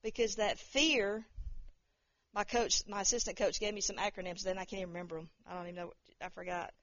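A woman's voice: mid-range voice, fairly even intonation, brisk, fairly bright tone, no echo, lo-fi sound. A woman giving an informal spoken testimony, rambling and repeating words, acting out the voices of people she quotes. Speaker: speaker sharing a testimony.

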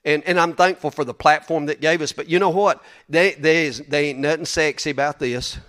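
A man's voice: fairly high pitch, steady tone, brisk, a bit bright. Folksy preacher man. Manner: folksy, emphatic, repeats himself. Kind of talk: sermon.

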